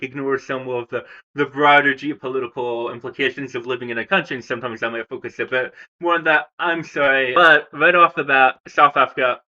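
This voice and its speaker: A man's voice: medium pitch, bright, forceful tone, muffled recording. A young man from the United States hosting a casual language video, rambling and chatty with frequent fillers and restarts. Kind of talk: casual ranking commentary.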